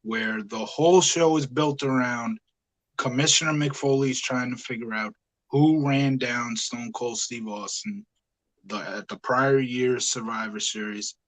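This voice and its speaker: Man, casual podcast host, steady mid voice, chatty and relaxed. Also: medium pitch, unhurried, rough recording. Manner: talkative, easygoing, frequent "uh" and "yeah". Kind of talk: casual review chat.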